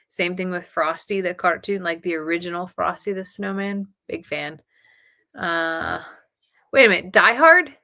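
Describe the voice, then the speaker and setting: A middle-aged woman hosting a casual live stream, chatting excitedly with her viewers. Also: on the low side.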